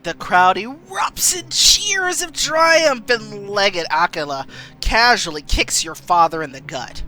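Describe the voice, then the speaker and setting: A woman's voice: medium pitch, unhurried, faint music behind. A woman streamer reading a story game aloud and chatting playfully about her choices. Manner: animated, playful.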